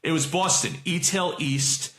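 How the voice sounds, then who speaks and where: A man's voice: on the high side, a little slow. A man co-hosting a podcast in casual chat, telling stories in a rambling way and often correcting himself and restarting. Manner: rambling storyteller, many self-corrections and restarts. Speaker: podcast co-host. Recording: bright, echoey room with faint hiss.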